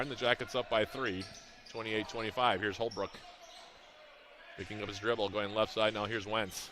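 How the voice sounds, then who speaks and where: A man calling a college basketball game play-by-play, reading out plays, scores and shooting stats in a brisk, rhythmic way. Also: fairly low pitch, fairly even intonation, background noise. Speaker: play-by-play announcer.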